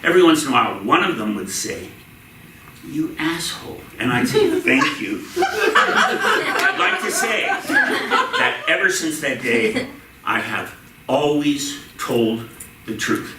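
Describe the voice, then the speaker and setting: An American man telling a funny personal story to a live audience at a story slam, with deadpan comic timing. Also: a little high, takes it slowly, pauses often, very noisy. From United States. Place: stage in a small venue. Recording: roomy hall, mic at a distance.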